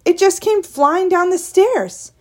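A high, shrill mother who fusses and frets over every small upset, put on by a woman reading aloud. The voice climbs well above a normal speaking pitch and gets loud. It sounds like a character from a children's storybook. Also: takes it slowly. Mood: alarmed. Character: shrill fussy mother, easily alarmed.

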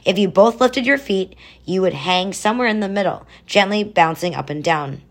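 A woman's voice: mid-range voice, normal speed. A woman narrating a children's adventure story, adding chatty explanatory asides.

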